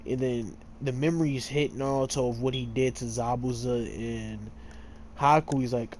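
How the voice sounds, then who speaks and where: A man's voice: mid-range voice, fairly even intonation, normal speed, a little mellow, slight background noise. A man casually retelling a story while playing a game, full of fillers, often tripping over names and correcting himself. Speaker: gamer retelling a fan story.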